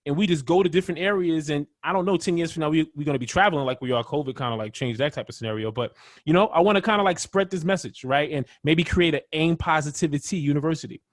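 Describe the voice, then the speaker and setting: A man's voice: on the high side, quick pace, no room sound, studio quality. Upbeat man telling stories. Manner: animated storyteller, upbeat. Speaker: interview guest. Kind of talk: casual interview chat.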